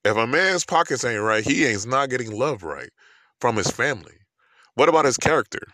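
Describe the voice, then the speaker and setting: A man's voice: mid-range voice, expressive, a little fast, bright, forceful tone, dry recording, clean studio sound. A man with a New York accent ranting about love in a profane, emphatic monologue full of rhetorical questions.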